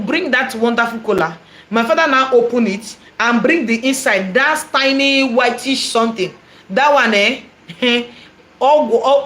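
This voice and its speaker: This prophetess, whose accent is Nigerian, narrates her personal testimony with lively repetition and occasional Igbo phrases. Her voice is a little high.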